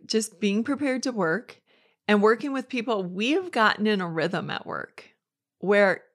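A woman hosting a Christian devotional podcast, talking in an upbeat, chatty way as she tells everyday stories. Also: medium pitch. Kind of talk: conversational devotional talk.

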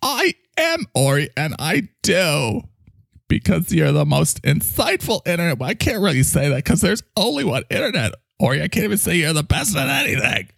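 A man's voice: a little high, very animated, normal speed, creaky, fairly bright tone, breathy edge, dry recording, clean studio sound, pitched above the performer's own voice, heavily acted. A man voicing Mike, a needy, jealous talking microphone with a whiny, clingy, sarcastic manner. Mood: gushing.

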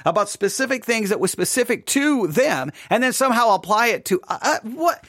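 Animated high-voiced male podcast host. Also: fairly quick, no echo, clean studio sound. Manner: animated and exasperated, with rising questions and asides. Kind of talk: solo podcast commentary on a Bible study text.

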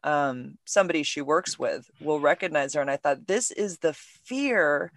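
A woman hosting a podcast, telling stories in an animated, emotional way. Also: low-pitched, normal speed, no echo. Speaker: podcast host. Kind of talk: casual podcast conversation.

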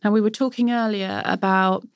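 A woman's voice: medium pitch, fairly even intonation, normal speed, smooth, no room sound, clean studio sound. A woman, a sourdough expert, talking enthusiastically and emphatically in a casual interview. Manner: enthusiastic, emphatic, laughs easily. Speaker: sourdough baking expert guest.

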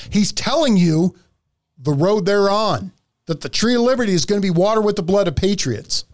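A man's voice: sits high, lively intonation, a little fast. A man hosting a podcast, ranting profanely through heated political commentary. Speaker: podcast host.

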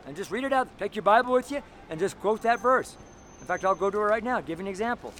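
A man with a high voice preaches outdoors among city walls, blunt and fervent and loud enough to carry across the street. He sounds tired, and faint traffic noise sits behind him. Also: expressive, fast talker.

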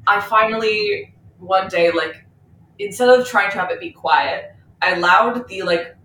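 A chatty co-host with a bright, sharp tone who rattles along and curses easily. The voice sits at a middle pitch and sounds roomy and echoey. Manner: fast, chatty, swears freely. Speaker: podcast co-host. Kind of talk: casual podcast conversation.

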